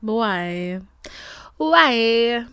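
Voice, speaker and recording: A woman in her twenties hosting a podcast, talking candidly and bluntly, swearing freely and dropping into hushed asides. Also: fairly high pitch, lively intonation, very slow, clean tone, dry recording, studio quality. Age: 20s. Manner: blunt, profane, emphatic, dips into hushed asides. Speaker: podcast host. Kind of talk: candid personal monologue.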